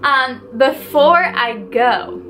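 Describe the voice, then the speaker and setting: A woman's voice: sits high, lively intonation, drawn-out words, fairly bright tone, a little hiss or hum. A woman vlogger gushing in a casual haul and unboxing video, chatty and full of fillers like "like" and "just".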